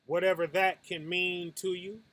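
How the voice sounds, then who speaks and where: A man giving a casual, conversational sermon as the show's host. He keeps checking in with "right?", drops low and soft, then bursts out loud with punching sound effects. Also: flat delivery, moderate pace. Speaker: preacher hosting a Sabbath night talk.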